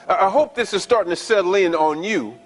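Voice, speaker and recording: A man preaching a sermon, explaining scripture in a conversational way, checking in with his listeners and slowing down to stress the verses. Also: high voice. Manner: explains scripture conversationally, often asking the congregation "right?"; reads verses slowly and stresses key words. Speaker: pastor.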